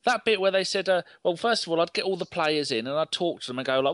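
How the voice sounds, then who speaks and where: Podcast host guy on a laptop call, sweary and chatty, pitch bouncing all over, dry close sound. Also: fast talker, no echo. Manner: sweary, laughing, animated storyteller. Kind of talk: casual chat on a call.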